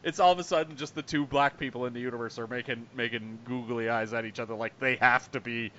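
A man co-hosting a podcast, talking casually and animatedly, swearing and doing quick impressions. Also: mid-range voice, a little hiss or hum. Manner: animated, swearing, mimics voices. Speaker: podcast co-host. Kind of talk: casual chat. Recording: muffled lo-fi audio.

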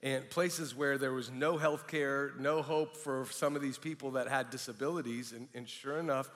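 A middle-aged man, a pastor, preaching with candid, animated storytelling and frequent restarts. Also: mid-range voice, normal speed. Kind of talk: sermon with personal testimony. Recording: long reverb of a large hall.

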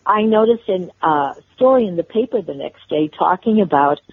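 A woman's voice: lowish voice, lively intonation, slightly rough, no echo. Older woman telling stories over a phone line. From Chicago, USA. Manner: warm storyteller, halting restarts. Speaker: guest. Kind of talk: storytelling interview. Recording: tinny phone-line audio.

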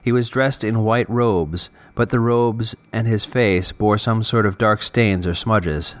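A man reading a serialized fiction story aloud, narrating in a measured, even way. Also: lowish voice. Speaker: podcast narrator.

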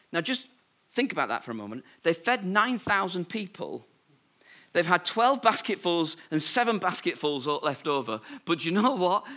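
A man preaching a sermon, retelling scripture with lively humour and playful asides. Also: fairly high pitch. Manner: lively storytelling with humorous asides.

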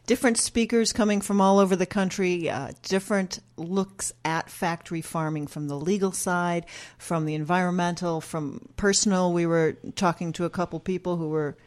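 A woman's voice: on the low side, fairly even intonation, moderate pace, a little mellow. A woman co-hosting a radio show in the studio, speaking in an upbeat, informative way. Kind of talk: casual radio talk.

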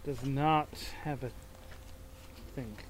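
A man's voice: medium pitch, takes it slowly, slight background noise. A man co-hosting a podcast who chats casually and reads old-style verse aloud with theatrical flair. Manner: theatrical when reading aloud, chatty otherwise. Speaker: podcast co-host. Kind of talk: casual chat with dramatic verse reading. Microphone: studio microphone.

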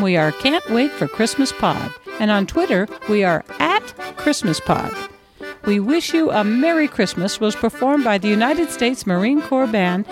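Higher-voiced woman reading out the podcast credits, really bouncy, christmas music going behind her. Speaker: podcast co-host. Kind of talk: reading the show's closing credits.

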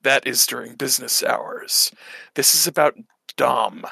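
Casting: male tabletop player, gravelly and bright, dry close sound, hesitant with formal in-character lines. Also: medium pitch, unhurried, no room sound. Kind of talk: tabletop role-play.

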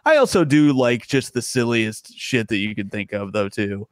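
A man's voice: mid-range voice, lively intonation, moderate pace, no echo. A man, a stand-up comedian, chatting casually in a podcast interview, rambling and restarting his sentences and laughing often.

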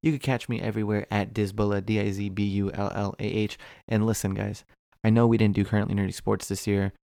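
A laid-back male podcast co-host, speaking on his own mic from home. His low voice has a gravelly rasp. The sound is dry and close, with no room around it. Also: flat delivery, quick pace, warm tone, dry recording. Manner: laid-back, reads out social links. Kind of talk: casual podcast chat. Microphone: records remotely on own mic.

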